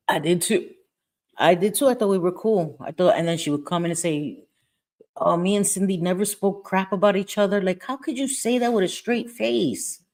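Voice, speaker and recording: A woman's voice: sits low, a little mellow. A woman hosting a casual livestream chat, talking bluntly and swearing freely, repeating herself and laughing often as she talks into her webcam microphone. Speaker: livestream host. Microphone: webcam or computer mic.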